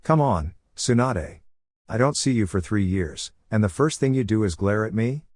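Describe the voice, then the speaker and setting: A man's voice: on the low side, animated, moderate pace, a little mellow, no echo, clean studio sound. A goofy old sage man, read by a man. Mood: playful. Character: goofy old male sage, playful and cheeky.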